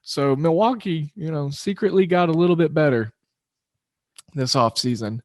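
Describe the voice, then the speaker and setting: A man with a slightly higher voice runs a solo sports betting podcast, chatting loosely and poking fun at himself. His delivery rambles in a relaxed way. The recording is close and dry, with no room sound. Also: moderate pace, no room sound. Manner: loose, rambling, self-deprecating. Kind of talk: casual solo podcast talk.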